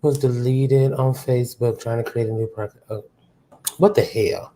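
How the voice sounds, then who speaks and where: A woman's voice: extremely low pitch, normal speed, a little hiss or hum. Chatty out-of-breath woman host. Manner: animated, chatty storyteller, loose slang. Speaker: podcast host. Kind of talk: casual chat.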